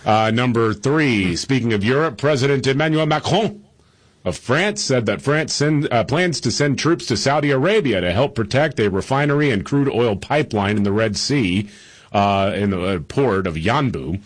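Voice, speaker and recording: Husky man running down news on talk radio. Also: medium pitch, normal speed. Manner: relaxed, chatty news rundown with fillers. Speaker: radio talk show co-host.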